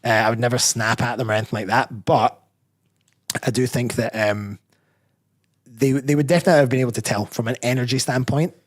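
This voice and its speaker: A man's voice: mid-range voice, steady tone, fairly quick. Scottish guy chatting on a live show, trainer talking frank, kinda rambly, restarts a lot. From Scotland. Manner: candid, rambling, self-correcting. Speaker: guest, personal trainer and bodybuilder. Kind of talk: casual interview chat.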